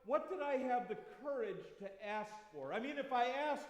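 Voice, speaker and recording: High-voiced preacher in an echoing church. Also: male voice, animated. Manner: storytelling with dramatic pauses and swings in loudness. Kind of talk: first-person dramatic sermon monologue. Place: church sanctuary. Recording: echoey church with long reverb.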